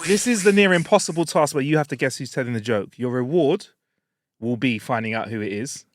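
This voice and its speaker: A man's voice: medium pitch, brisk, no echo. Teasing man, podcast co-host. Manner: teasing, relaxed, uses slang. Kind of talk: casual comedy podcast chat.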